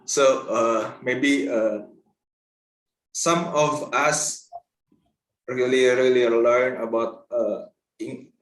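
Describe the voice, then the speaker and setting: Slow-spoken male host, halting and searching for words, heard in an echoey room. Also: medium pitch, steady tone. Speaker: class host. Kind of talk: live online class interview.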